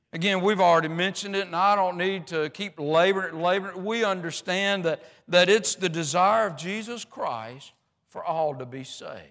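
High-voiced preacher in an echoey church. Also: male voice, normal speed, a bit bright. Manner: folksy, rambling, many restarts and fillers. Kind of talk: sermon.

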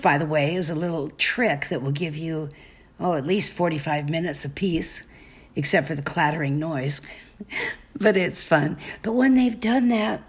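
A middle-aged woman hosting a parenting advice talk, speaking softly and slowly, often dropping to a whisper. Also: low voice, slightly rough. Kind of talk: gentle spoken advice monologue.

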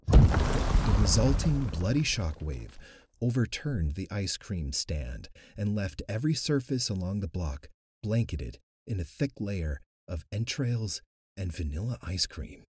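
A man narrating an audiobook in an expressive, animated way, close to the mic. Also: fairly low pitch, slow pace, breathy edge, no room sound.

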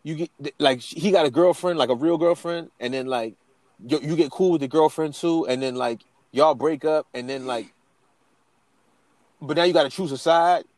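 A man's voice: on the high side, normal speed, a little mellow, dry recording. A man co-hosting a podcast in casual chat, slangy, with stammering restarts. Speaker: podcast co-host.

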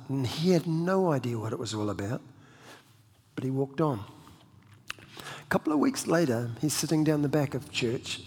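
A man preaching in a relaxed, storytelling manner, often restarting his sentences and poking fun at himself. His voice has a husky, slightly rough edge. The sound carries a long reverb, as if recorded in a church hall. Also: a little high. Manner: conversational, self-deprecating humor; many restarts and repeated words. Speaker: pastor. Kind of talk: storytelling sermon.

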